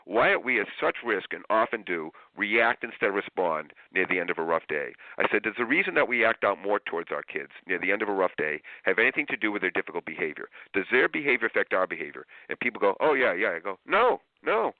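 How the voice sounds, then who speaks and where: A man talking as an interview guest about parenting, telling stories in an animated way and acting out parents and kids in raised voices. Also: fairly low pitch, quick pace, hardly any pauses, no echo. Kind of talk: lively interview storytelling. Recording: tinny phone-like line.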